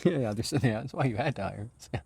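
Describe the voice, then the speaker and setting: A man's voice: medium pitch, animated, creaky, darkish tone, husky, no echo. Giggly man, joking co-host. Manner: laughs often, crude jokes, quick impressions. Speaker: podcast co-host. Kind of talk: casual chat.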